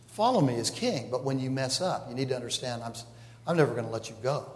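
A man's voice: mid-range voice, animated, brisk. A man, a pastor, preaching a conversational sermon with jokes to a congregation. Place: large church hall. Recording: echoey hall, reverb. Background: congregation laughing.

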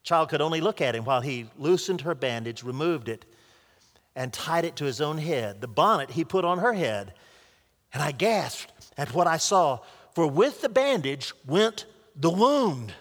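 A man's voice: a little high, very animated, moderate pace. A man preaching a sermon by retelling a story earnestly, with small restarts, in a large hall or church. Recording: long hall reverb.

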